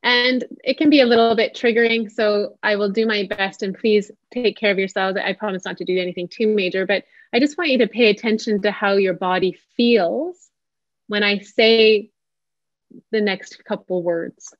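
A woman, a therapist, leading an online parenting workshop in a gentle, inviting way. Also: mid-range voice, fairly even intonation, normal speed, dry recording. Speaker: social worker and psychotherapist leading a workshop. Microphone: video call. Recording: dull dry video call audio.

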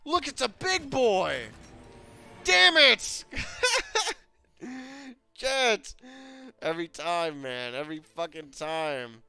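A man casually commenting while playing a video game, excitable, swearing often, laughing and breaking into sudden loud outbursts. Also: high voice, slow pace, gravelly, clean tone, soft background music.

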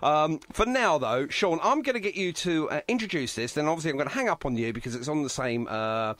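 A man's voice: fairly high pitch, expressive, brisk, fairly bright tone, no room sound. A man hosting a radio show, talking in a chatty, enthusiastic way with lots of fillers. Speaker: radio host. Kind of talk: casual radio chat.

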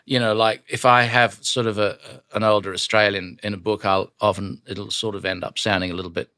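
A man, an audiobook narrator and voice actor, chatting as a guest in a studio interview and telling animated stories with quick character voices. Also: fairly low pitch, no echo. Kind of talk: casual studio interview chat. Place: podcast studio. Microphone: studio microphone.

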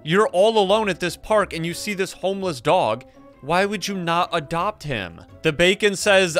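Excitable high-voiced male gamer. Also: measured pace. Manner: excitable, jokey narration with reactions. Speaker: gaming YouTuber. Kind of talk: Let's Play commentary. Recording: faint music behind.

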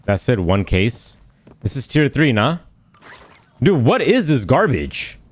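A man's voice: mid-range voice, big pitch swings, slow pace. A man giving playful, casual commentary while playing a game, now and then chanting lines over and over. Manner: playful, sings along and repeats chants. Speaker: gaming streamer. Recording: game gunfire behind voice.

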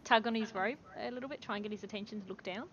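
A woman's voice: medium pitch, very fast, highs cut off. Woman playing a tabletop game, unsure, lots of um's and giggles, faint hiss behind. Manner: tentative, with frequent um fillers and giggles. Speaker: player. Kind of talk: casual tabletop play.

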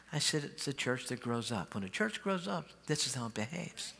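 A man pastor telling a healing story in a sermon, acting out the dialogue and calling on the crowd to shout. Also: a little high, brisk, gravelly, slightly rough. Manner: animated, acts out quoted dialogue, calls for shouts. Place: large church hall. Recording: live church hall with long reverb.

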